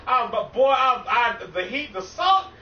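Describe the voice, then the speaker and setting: A man's voice: very high voice, sing-song, a little slow. Profane ranting man on a game stream. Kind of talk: ranting gameplay stream chat. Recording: echoey, distant, muffled stream audio with faint noise.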